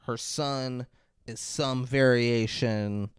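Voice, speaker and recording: A man co-hosting a podcast in casual chat, telling stories in an animated, profane way. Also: medium pitch, drawn-out words, smooth, dry recording, studio quality. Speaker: podcast co-host.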